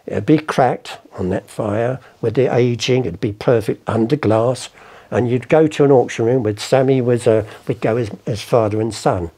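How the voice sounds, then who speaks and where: A man's voice: medium pitch, normal speed, dark tone, breathy edge. A man, a podcast guest rambling through anecdotes, swearing and acting out the people in them. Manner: rambling, swears, acts out the people in his stories. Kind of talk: casual anecdotal storytelling.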